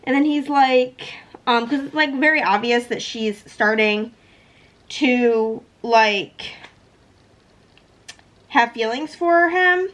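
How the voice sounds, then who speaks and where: A woman's voice: on the high side, slow, long pauses, fairly bright tone. A woman chatting casually as a book vlogger, gushing about a story and peppering her talk with "like". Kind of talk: casual book review chat.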